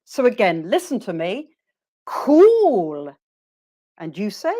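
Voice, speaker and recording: A woman teacher trainer leading a webinar, encouraging her listeners and modelling phrases slowly for them to repeat. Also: mid-range voice, sing-song, a little mellow.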